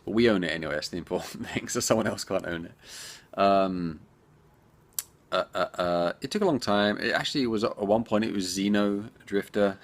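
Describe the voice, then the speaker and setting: A man's voice: fairly low pitch, normal speed. A man who develops indie games, answering viewer questions in a chatty, rambling way and talking straight to the viewers. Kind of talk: casual Q&A chat.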